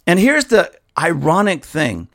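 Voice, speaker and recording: A man's voice: fairly high pitch, huge pitch swings, measured pace, vocal fry. A man who pastors a church, giving impassioned political commentary and reading news aloud, emphatic and often addressing his listeners directly. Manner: emphatic, repeatedly addresses "ladies and gentlemen".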